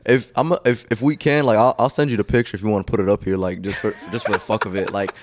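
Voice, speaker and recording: A man chats casually on a podcast. His voice sits slightly low. He tells his story in a laid-back way and swears freely. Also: steady tone, fast talker, a crowd in the background.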